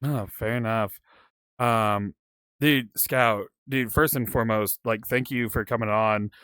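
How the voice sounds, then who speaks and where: A man's voice: medium pitch, steady tone, measured pace, a bit bright, smooth, no room sound, clean studio sound. A young man hosting a podcast in casual, laid-back chat, often stumbling over his words. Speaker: podcast host.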